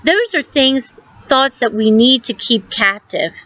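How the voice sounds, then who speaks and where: A woman in her fifties, a school guidance counselor giving a recorded lesson to students, telling a story gently with many ums and reflective questions. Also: a little high, lively intonation, takes it slowly, dry recording, highs cut off. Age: 50s.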